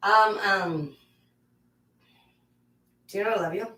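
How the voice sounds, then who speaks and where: A woman's voice: mid-range voice, takes it slowly, bright, forceful tone. A woman vlogger chatting casually at home, talking playfully to her pets and swearing freely. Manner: playful, profane, talks to her pets in a singsong voice. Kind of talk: casual chat to her dogs. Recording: echoey room, distant mic.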